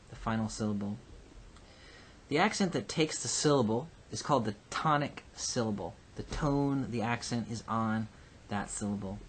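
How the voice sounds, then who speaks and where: A man teaching a recorded Hebrew grammar lesson. He explains patiently and slowly, with frequent ums and uhs. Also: mid-range voice, slight background noise. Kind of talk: recorded lecture.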